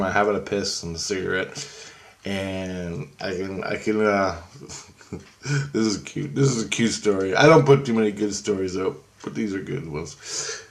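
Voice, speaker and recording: Low-voiced man rambling through a dream story. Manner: halting, meandering, many fillers and restarts. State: just woken up, clearing his throat. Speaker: video blogger recounting a dream.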